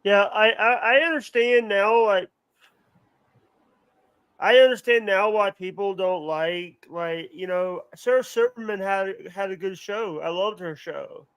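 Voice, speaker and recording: A man's voice: sits high, fairly bright tone, clear, resonant tone, no room sound, poor audio. A man co-hosting a casual livestream, reading out viewer comments and often stammering. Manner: halting, stammering. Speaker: co-host reading chat.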